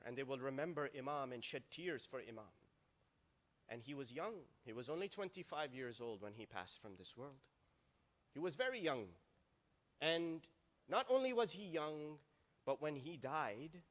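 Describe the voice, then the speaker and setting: Impassioned male preacher, slightly high voice. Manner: impassioned, swings between raised and hushed delivery. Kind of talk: sermon. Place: mosque.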